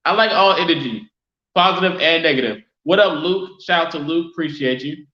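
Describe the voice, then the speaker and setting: A man hosting a casual sports fan live stream, chatting loosely and giving viewers shout-outs. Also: on the high side, normal speed, long pauses. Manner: casual, reads and answers chat shout-outs. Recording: roomy, dull lo-fi sound.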